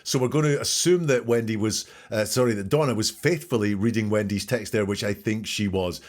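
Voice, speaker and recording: A man's voice: fairly low pitch, fairly quick. A man hosting an analytical commentary, probing and rephrasing quotes as he asks questions. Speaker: host.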